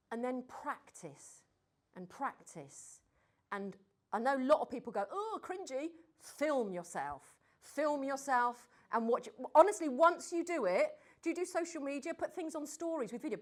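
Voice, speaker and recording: A British woman answering questions from an audience, direct and encouraging. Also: fairly high pitch. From Britain. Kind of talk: live Q&A workshop talk. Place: room with an audience.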